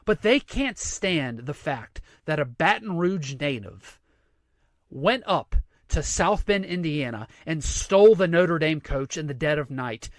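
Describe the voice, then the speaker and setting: A man's voice: a little high, expressive, unhurried, no echo. A man hosting a sports show, ranting with profanity and sarcasm. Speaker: sports commentary host. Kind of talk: sports rant monologue.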